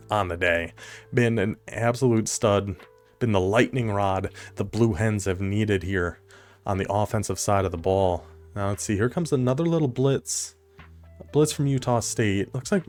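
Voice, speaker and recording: A man giving casual play-by-play commentary on a football video game, excitable and quick to laugh. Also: lowish voice, no room sound. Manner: excitable, laughs often, talks to the viewer. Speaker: commentator of an online video game dynasty league.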